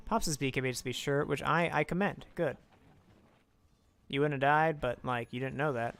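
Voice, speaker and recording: A young man casting a video game with excitable, swearing, self-mocking commentary, talking close to his microphone. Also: medium pitch, gravelly, smooth. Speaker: game caster. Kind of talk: casual esports commentary.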